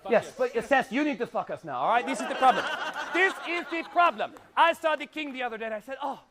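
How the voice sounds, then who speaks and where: A man's voice: very high-pitched, animated, fast, noisy background. A man voicing an exaggerated Frenchman on stage, rambling and mock-serious, with a put-on French accent. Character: boastful exaggerated Frenchman comedian, adult man. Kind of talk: stand-up character comedy.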